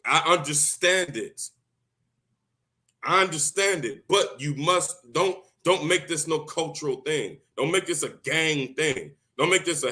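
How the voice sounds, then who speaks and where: A man talking loudly and excitedly in a solo monologue, often repeating himself for emphasis. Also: on the high side, measured pace. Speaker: video host giving religious advice. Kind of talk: impassioned solo monologue to camera.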